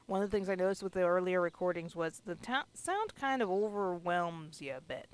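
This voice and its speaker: Animated, chatty woman streamer. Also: lowish voice, brisk, smooth. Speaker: let's play host. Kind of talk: casual gameplay commentary.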